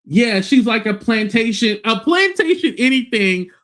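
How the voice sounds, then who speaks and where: A man's voice: very high voice, big pitch swings, a little slow, a bit bright. A man hosting a livestream, ranting bluntly and scornfully with plenty of profanity. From United States. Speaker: livestream host. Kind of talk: casual livestream rant.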